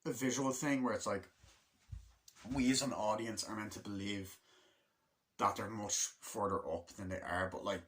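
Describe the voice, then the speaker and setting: A man's voice: lowish voice, steady tone, a bit bright. A man giving a casual spoken movie review, rambling and chatty with many fillers and restarts. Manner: acts out film characters' lines in quick put-on voices.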